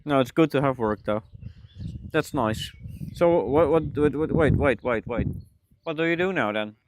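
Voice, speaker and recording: A man's voice: mid-range voice, normal speed, a little mellow, slight background noise. A man live-streaming, muttering to himself as he fishes and chatting casually with his viewers. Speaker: livestreamer.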